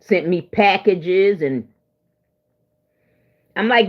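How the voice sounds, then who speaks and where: A woman's voice: on the low side, animated, drawn-out words, pauses often, husky. A woman hosting her own livestream, chatting to viewers in a rambling, emotional way after a sleepless night. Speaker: livestream host. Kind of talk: casual livestream chat. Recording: dull lo-fi stream audio.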